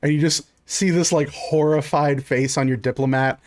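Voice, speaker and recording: A man's voice: fairly high pitch, fairly even intonation, moderate pace. A man narrating as game master in a loose, rambling way full of fillers.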